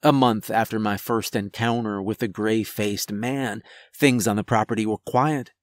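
A man narrating a first-person horror story in a measured, somber manner. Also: lowish voice, fairly even intonation, dry recording.

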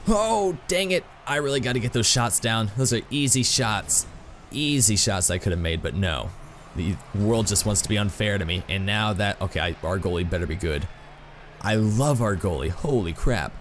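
A man doing excitable, self-mocking live commentary while playing a video game, full of exclamations. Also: lowish voice, normal speed, a little hiss or hum. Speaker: gaming YouTuber.

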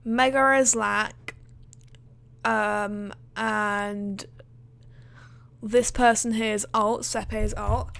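A woman's voice: a little high, gravelly, a bit bright. A woman, livestreaming her gaming in a hyper, chatty way full of fillers. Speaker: gaming streamer. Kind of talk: excited livestream chat.

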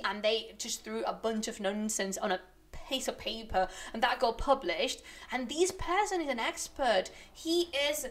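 This young woman speaks English as a second language and talks with a slightly high voice. She rants on a live stream, animated and exasperated, thinking out loud as she goes. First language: not English. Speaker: streamer and researcher. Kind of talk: casual ranting stream commentary.

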